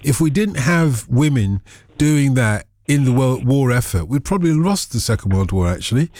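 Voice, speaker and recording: A man's voice: mid-range voice, lively intonation, moderate pace, darkish tone, no echo, studio quality. A man with a Birmingham accent hosting a radio phone-in, joking with his guest and chatting with callers. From England. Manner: playful, jokey, takes calls. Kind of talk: casual radio chat.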